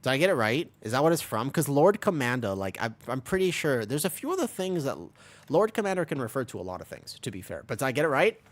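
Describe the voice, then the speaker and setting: A man's voice: mid-range voice, sing-song, quick pace. Rambling young man streaming live. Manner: rambling, restless, full of restarts and swearing. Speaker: Twitch streamer. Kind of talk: casual live-stream chat.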